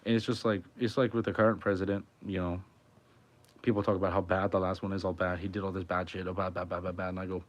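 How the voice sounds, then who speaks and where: A man's voice: low-pitched, little pitch movement, fast talker. A man musician chatting casually on a livestream from his home, rambling and swearing a lot. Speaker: musician streamer.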